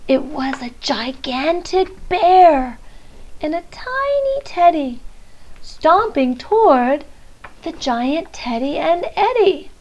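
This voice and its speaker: Slow, very high-voiced woman reading a story. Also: sing-song. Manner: gentle, rhythmic rhyming delivery. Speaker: narrator. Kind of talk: storybook read-aloud. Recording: dull lo-fi recording.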